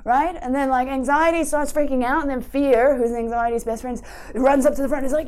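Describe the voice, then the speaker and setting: A woman giving an emotional-wellness talk, telling lively, playful stories. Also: sits high, brisk.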